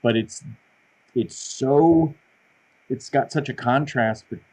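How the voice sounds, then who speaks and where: A middle-aged man, a podcast guest, talking in a lively, self-deprecating way about his life. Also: medium pitch, takes it slowly, breathy edge, rough recording. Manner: animated, self-deprecating storyteller. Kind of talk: casual conversation.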